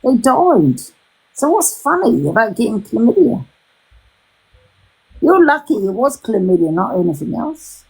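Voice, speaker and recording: A woman's voice: a little high, sing-song, a little slow, vocal fry, long pauses, darkish tone, breathy edge, rough recording. A woman hosting a casual livestream chat, rambling and swearing freely, with many restarts.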